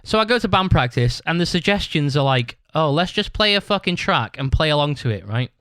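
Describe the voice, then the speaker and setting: Swearing bloke telling a story. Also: male voice, fairly high pitch, animated, fairly quick, smooth, dry recording. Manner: swears constantly, rambling; acts out other people's shouted lines. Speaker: podcast host. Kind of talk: casual storytelling monologue.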